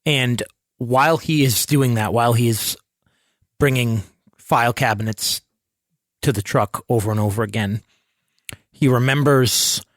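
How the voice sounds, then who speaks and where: A man playing in a tabletop role-playing game, narrating his character's scene in a slow, halting way. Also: medium pitch, no room sound, studio quality. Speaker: player.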